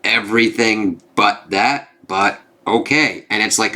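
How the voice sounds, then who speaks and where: A man's voice: on the low side, fairly even intonation, measured pace, pushed and bright. Give me a casual man reviewing a comic, rambling and swearing. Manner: rambling, swears a lot, says "it's like" often. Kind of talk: casual commentary.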